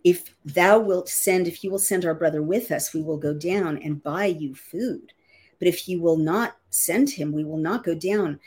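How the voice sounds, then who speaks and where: A woman with a low, husky voice reads old scripture aloud at an unhurried teaching pace. She keeps stopping to restate the archaic words in everyday language, the way a Bible teacher walks a class through a passage. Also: a little mellow. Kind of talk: reading scripture aloud with plain-language glosses.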